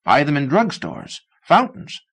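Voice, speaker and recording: A man reading a story aloud, voicing a gentle, nostalgic old man who lingers softly over what he remembers. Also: on the high side, wildly swooping pitch, a little slow, creaky, husky, pitched above the performer's own voice, heavily acted.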